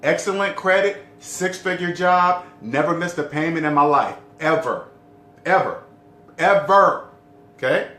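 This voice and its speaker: A man's voice: normal speed, hardly any pauses, pushed and bright. Emphatic middle-aged man in a roomy space. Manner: emphatic, repeats key points, asks the viewer questions. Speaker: debt-free living vlogger. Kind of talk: casual talk to camera. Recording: roomy echo with faint rumble.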